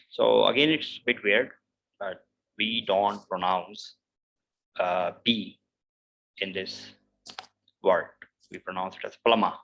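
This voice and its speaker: A man's voice: low voice, creaky, fairly bright tone, low-quality recording. A man teaching English pronunciation in an online lesson. He says each example word over and over, with frequent fillers between points. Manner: repeats each word slowly several times, with loose fillers.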